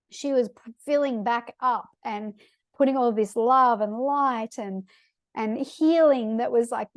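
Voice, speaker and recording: Young female podcast host, higher voice, dry close mic, chatty confessional storytelling. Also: darkish tone, no room sound. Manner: chatty, frequent "like" fillers, emotional. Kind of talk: personal storytelling, casual.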